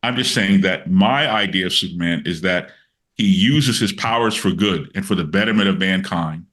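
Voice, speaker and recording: Older man, bright animated storyteller. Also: low voice, moderate pace. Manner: animated storyteller, many restarts, acts out quotes. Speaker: guest comics writer. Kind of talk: casual interview chat.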